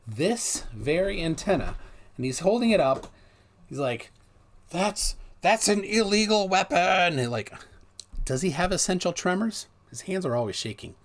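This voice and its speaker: A middle-aged man hosting a livestream, talking casually in a rambling, animated way with many restarts. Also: fairly high pitch, moderate pace. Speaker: livestream host.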